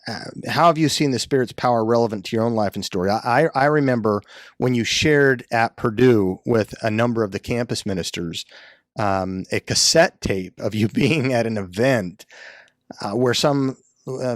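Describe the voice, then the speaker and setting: A man interviewing a guest, asking questions in a halting way with fillers and restarts. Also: medium pitch, no echo, studio quality.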